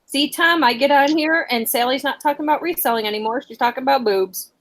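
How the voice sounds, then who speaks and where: A woman's voice: high-pitched, fast, a bit bright, dry recording, rough recording. A woman hosting a casual livestream chat, talking with friends in an easygoing way. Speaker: reseller livestream host.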